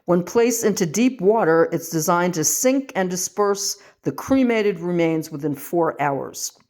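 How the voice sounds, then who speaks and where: A woman's voice: fairly low pitch, animated, a little slow, a little mellow. An older woman from the western United States, filming a rambling, self-mocking home vlog and reading aloud from a label. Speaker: vlogger.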